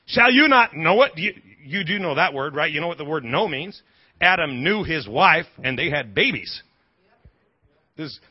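A man's voice: high voice, husky, dull audio. A male pastor preaching a sermon in an emphatic call-and-response style, with a lot of repetition.

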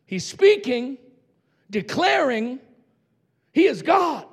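Middle-aged man, fiery revival preacher; high gravelly voice, pushes the crowd to shout back. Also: very animated, slow. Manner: impassioned, shouting, calls for congregation response. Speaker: pastor. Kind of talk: revival sermon.

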